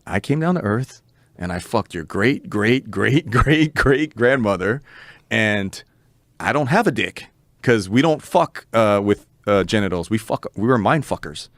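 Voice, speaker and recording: A man's voice: fairly low pitch, expressive, measured pace, a bit bright, dry recording. A man voicing a crude, foul-mouthed male alien spirit from a psychedelic vision, in a taunting, profane manner. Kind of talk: recounted vision in casual chat.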